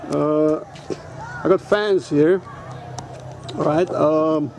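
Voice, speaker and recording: A man talking to camera outdoors in a casual, rambling vlog, blunt and quick to swear. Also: fairly high pitch, darkish tone, some chatter behind, a little hiss or hum. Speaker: vlogger. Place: outdoors at a resort in a town.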